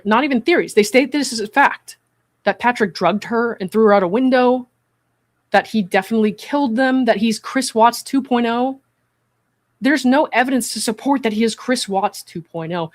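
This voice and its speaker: A psychiatric evaluator hosting a commentary stream, reading a call transcript aloud and then explaining their view in a measured, earnest way. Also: mid-range voice, no room sound. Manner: measured and earnest, often checking in with "right?".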